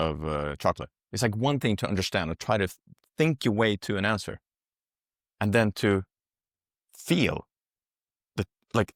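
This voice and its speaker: A man's voice: lowish voice, no room sound, studio quality. A man working as a psychedelic guide, talking casually on a podcast, explaining things through long rambling metaphors and swearing freely.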